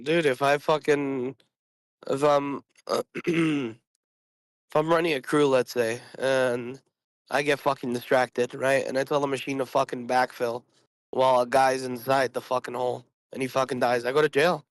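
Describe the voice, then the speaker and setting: A man who is sick and keeps clearing his throat, chatting bluntly and swearing a lot on a group voice call about trading and his job. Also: medium pitch, level tone, normal speed, no echo. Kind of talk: casual chat.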